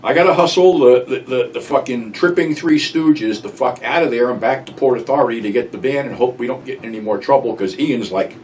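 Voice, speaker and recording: A man's voice: medium pitch, brisk, few pauses, darkish tone. An older man telling a rambling, profane story about a night out. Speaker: channel host recounting memories. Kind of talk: casual storytelling monologue. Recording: voice a bit distant from mic, faint room noise.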